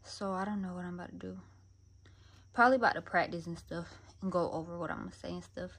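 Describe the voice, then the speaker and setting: A woman's voice: lowish voice, steady tone, fast talker, fairly bright tone, husky. A young woman chatting to her viewers in a casual get-ready-with-me vlog, constantly calling them y'all. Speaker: vlogger. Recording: background noise with passing vehicles.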